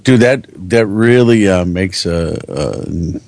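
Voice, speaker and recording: A man's voice: deep voice, slow pace, darkish tone, no echo. A man co-hosting a radio talk show, laid-back and joking in casual banter.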